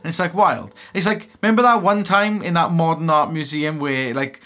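A man's voice: a little high, moderate pace, fairly bright tone, soft background music. A man co-hosting a casual podcast chat, telling rambling stories with a laugh never far away. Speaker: podcast co-host.

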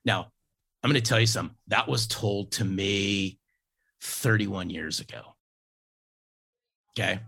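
Low gravelly guy in his 50s, kinda husky, keeps repeating his point hard like a sales coach. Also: unhurried, long pauses, sharp tone. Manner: emphatic, repeats key phrases for effect. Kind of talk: storytelling interview talk.

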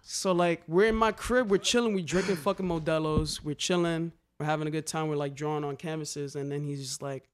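A young man telling graffiti stories in casual chat, animated and slangy, swearing freely. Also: fairly high pitch, brisk, hardly any pauses, clear, resonant tone. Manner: animated, slangy, swears a lot, repeats "a hundred percent".

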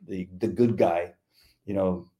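Warm, low-pitched and steady, the voice of this middle-aged co-host moves at an unhurried pace. He keeps the podcast chat casual, telling laid-back stories and acting out quotes.

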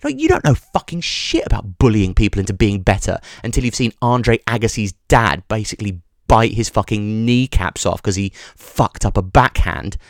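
A man's voice: fairly low pitch, big pitch swings, normal speed, few pauses, dry recording, studio quality. A man hosting a podcast, talking in a rambling comic monologue, full of restarts and swearing. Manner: digressive, sweary, stumbling restarts. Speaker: podcast host.

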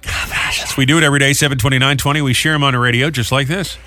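A man's voice: medium pitch, steady tone, fast, bright, forceful tone. A man hosting a morning radio show, joking and reading out segments in casual banter. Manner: joking, playful, reads out segments. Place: radio studio.

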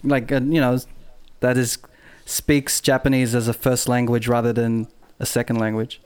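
A man's voice: medium pitch, flat delivery, normal speed, darkish tone, clear, resonant tone. A man co-hosting a podcast, chatting in an enthusiastic, upbeat way. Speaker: podcast co-host. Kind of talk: casual chat.

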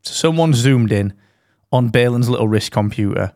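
A man's voice: mid-range voice, lively intonation, moderate pace, a little mellow, no echo, clean studio sound. A man co-hosting a podcast, bantering in a jokey, sweary way. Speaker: podcast co-host. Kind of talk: casual chat. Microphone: studio dynamic mic.

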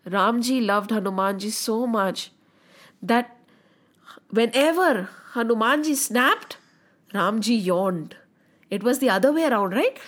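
A high-pitched woman narrating a story to children. She is animated and expressive, stretching words for effect and turning to gentle moral lessons.

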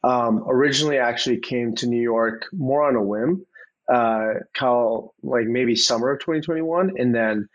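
Relaxed twenty-something male guest. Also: medium pitch, normal speed, muffled recording. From Arizona, USA. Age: 20s. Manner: relaxed, many fillers and hedges. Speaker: venture capital guest. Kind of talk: casual interview.

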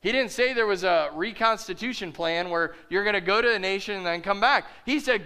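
A man's voice: sits high, brisk, hardly any pauses, sharp tone, smooth. A man pastor preaching a sermon with emphatic, repeated phrases.

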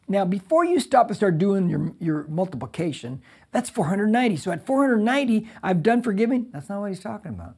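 Gravelly, animated male pastor preaching. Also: on the high side, normal speed. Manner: conversational, animated preaching with asides. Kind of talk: verse-by-verse sermon.

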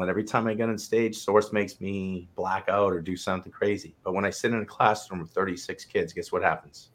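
A man's voice: low-pitched, fairly even intonation, brisk, hardly any pauses. A middle-aged man, a coach and co-host, candidly telling his story in a live conversation and acting out his own inner voice, with casual swearing.

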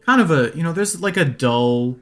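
A man's voice: a little high, expressive, normal speed. A man playing a tabletop game, searching for words with many fillers. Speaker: player. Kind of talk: casual tabletop play.

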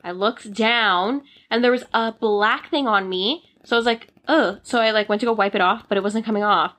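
A woman's voice: medium pitch, fairly quick, fairly bright tone. Chatty woman in casual conversation, replays her own reactions as she tells stories. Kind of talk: casual chat.

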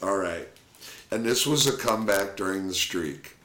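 A man's voice: low voice, moderate pace. A man, a former baseball catcher, telling stories from his career in a casual interview and laughing often. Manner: animated anecdote teller, laughs often. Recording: roomy echo.

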